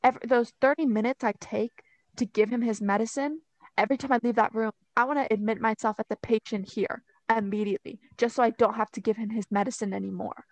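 A stern, harsh senior nurse rattles off a furious scolding, put on by a woman retelling the tale. The voice sits a little high, recorded close and dry. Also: fairly even intonation, dry recording, lightly acted, low-quality recording. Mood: angry scolding. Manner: scolding, rapid angry tirade.

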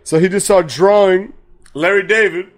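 A man's voice: high-pitched, normal speed. A man co-hosting a podcast, retelling a TV episode in casual chat, acting out the characters' lines and laughing often. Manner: animated storyteller, acts out characters' lines, laughs often, heavy profanity. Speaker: podcast co-host.

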